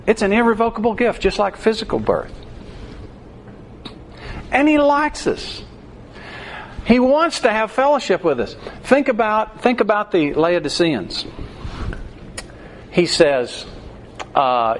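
A man preaching a sermon in a high-pitched voice that rises and falls constantly as he tells the story. His delivery is animated and storytelling-driven. Faint hiss runs under the recording. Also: a little slow, long pauses. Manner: animated storytelling, acting out the scripture.

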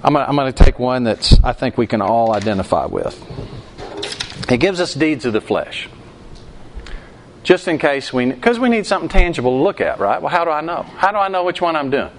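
A man's voice: medium pitch, sing-song, fairly quick, a little hiss or hum. A man preaching a sermon, quizzing the congregation with questions and acting out quoted outbursts. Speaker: pastor. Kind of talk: interactive sermon.

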